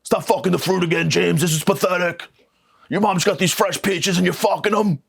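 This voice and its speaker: A man's voice: high voice, fairly quick, creaky, slightly rough, voice pushed up, full character voice. A man voicing his exasperated father, scolding him in disgust. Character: exasperated scolding middle-aged dad.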